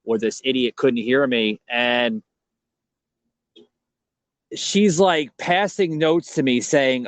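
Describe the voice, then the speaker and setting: A man's voice: medium pitch, measured pace. A middle-aged man hosting a podcast, talking casually and rambling with constant "you know" and "like". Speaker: podcast host.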